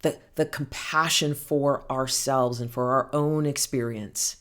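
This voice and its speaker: A woman giving a heartfelt self-help talk as a healing coach, speaking gently and soothingly and calling the listener honey. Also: very deep voice, fairly even intonation, unhurried. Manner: affectionate, calls listener honey and girl.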